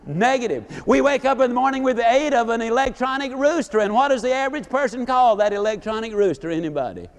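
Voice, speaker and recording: Animated high-voiced man orating. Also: fast, hardly any pauses. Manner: animated folksy storyteller, questions the audience. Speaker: motivational speaker. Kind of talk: live motivational speech.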